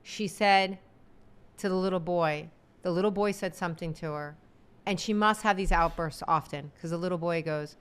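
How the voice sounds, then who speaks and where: Woman, podcast co-host, casual storytelling, exasperated, smooth clear voice. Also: fairly low pitch, normal speed. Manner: animated, exasperated, acts out quotes.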